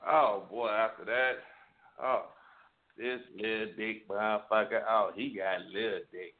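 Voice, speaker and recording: A man's voice: lowish voice, fairly even intonation, unhurried. A man on a radio show telling a story in casual chat, rambling and profane, with many restarts. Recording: tinny phone-like sound.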